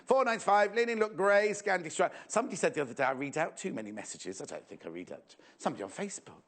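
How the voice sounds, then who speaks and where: A man's voice: high voice, expressive, racing. A man presenting a live shopping show in a playful, jokey, chatty way, reading out viewer messages.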